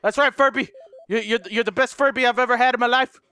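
A man doing let's play commentary, excitable, narrating his moves and shrieking and swearing at scares. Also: extremely high pitch, fast, clear, resonant tone, no room sound, clean studio sound. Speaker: gaming YouTuber.

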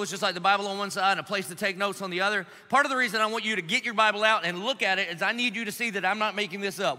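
A man preaching a lively sermon as pastor to a church congregation, animated and joking, pleading and emphatic in turn. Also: high-pitched. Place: large church auditorium. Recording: long reverb of a large church hall.

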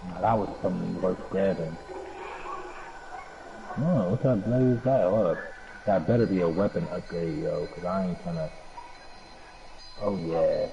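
A man's voice: low-pitched, moderate pace, vocal fry, pauses often, mellow. A young man giving casual, profane, slang-heavy commentary while streaming a game. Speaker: gameplay streamer. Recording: dull lo-fi recording.

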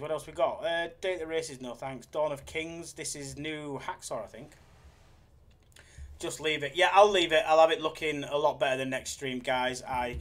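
His voice is a little high and fairly bright. Hosting a relaxed slots live stream, this young man cracks jokes, chats, and reads the chat aloud to his audience.

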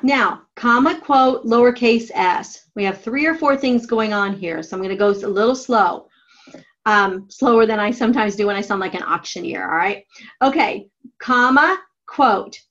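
A woman's voice: a little high, a bit bright, dull audio. Woman teacher dictating grammar steps. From United States. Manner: slow, deliberate dictation of steps. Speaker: writing teacher. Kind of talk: classroom grammar lesson.

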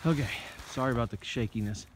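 A man's voice: mid-range voice, fast talker, heavy background noise. A man with an Indiana accent talking casually to his phone camera outdoors in the winter woods. He rambles in an easygoing, folksy way and is a little out of breath from hiking uphill. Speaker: bushcraft vlogger. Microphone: phone held in hand.

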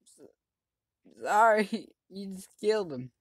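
Excitable let's-play host, chatty commentary with sudden yelling, mid pitch, dry close mic. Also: slow pace, no room sound. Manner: excitable, yells at other players; chatty running commentary on the game. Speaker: gaming channel host.

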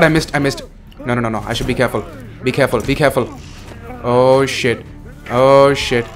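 A young adult man commentating a horror game, excitable and swearing, calling everyone "bro". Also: medium pitch, brisk. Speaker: gaming streamer.

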